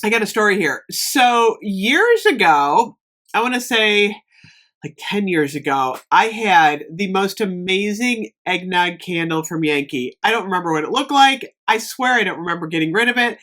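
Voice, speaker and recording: A candle review vlogger chats casually to the camera, rambling and saying um a lot. Her mid-range voice is fairly bright, with lively intonation and a moderate pace.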